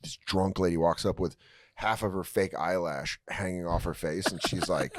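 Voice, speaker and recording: A man's voice: sits low, moderate pace, dry recording, studio quality. A man, a comedian guest on a podcast, telling road stories in casual chat and acting out hecklers' voices. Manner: animated, acts out hecklers' voices.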